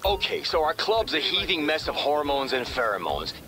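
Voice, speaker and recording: An actor playing a cocky nightclub owner in a crime video game, brash and theatrical. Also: male voice, a little high, big pitch swings, normal speed, noisy background.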